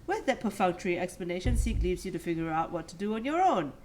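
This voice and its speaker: A woman's voice: fairly low pitch, sing-song, quick pace, a little mellow, a little hiss or hum. A woman streaming a story game, reading its text aloud and chatting with self-deprecating humour. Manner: chatty, laughs at herself.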